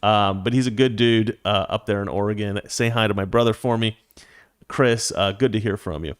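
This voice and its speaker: This show host is a man in his forties with a fairly low-pitched voice and a moderate pace, recorded dry at studio quality. On his own talk show he shares opinionated takes conversationally, reads out messages from viewers, and restarts himself a lot.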